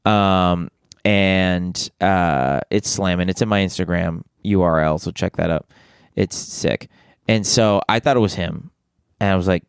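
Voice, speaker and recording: Low gravelly guy rambling thru a story, smooth tone, dry close sound. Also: normal speed, no echo. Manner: rambling, many restarts and fillers. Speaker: podcast co-host. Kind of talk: casual chat, storytelling.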